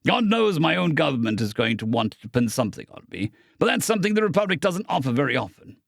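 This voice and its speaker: A man's voice: on the high side, very animated, quick pace, creaky, no echo, clean studio sound, exaggerated voice. A man voicing an awkward young pilot. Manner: hesitant, awkward. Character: awkward young male pilot, modest and hesitant.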